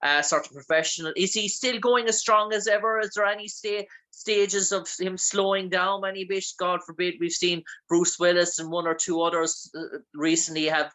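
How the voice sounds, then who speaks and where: A man's voice: high voice, steady tone, normal speed, few pauses, sharp tone, rough recording. A man from Ireland with an Irish accent, interviewing a guest with long, rambling, filler-heavy questions. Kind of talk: casual interview chat.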